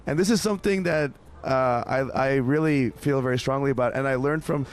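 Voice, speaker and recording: Rambling Canadian musician, faint music behind. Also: male voice, mid-range voice, fairly quick, clear, resonant tone. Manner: rambling, with many restarts and acted-out quotes. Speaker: interview guest, musician. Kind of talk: casual interview chat.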